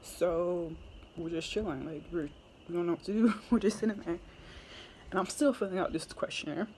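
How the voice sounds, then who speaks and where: A woman's voice: on the low side, normal speed, warm tone, slight background noise. A young woman telling a casual story to camera, chatty and laughing often, with lots of fillers. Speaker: military recruit vlogger.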